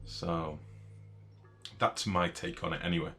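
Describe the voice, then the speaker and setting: Sharp-voiced ranting British man. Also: sits low, flat delivery, a little slow, faint music behind. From Britain. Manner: blunt, profane, ranting. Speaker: game streamer. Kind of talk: live stream chat, reading and answering viewers.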